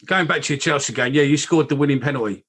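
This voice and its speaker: A male podcast host with a gravelly, creaky voice prompts his guest with facts and details he remembers. His tone is casual and conversational. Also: a little high, fast talker, fairly bright tone. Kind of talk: casual interview questions.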